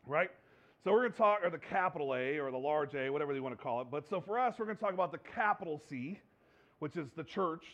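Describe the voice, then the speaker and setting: Animated high-voiced male pastor preaching. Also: muffled recording. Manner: animated, rhetorical questions, acts out quoted voices. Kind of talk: sermon.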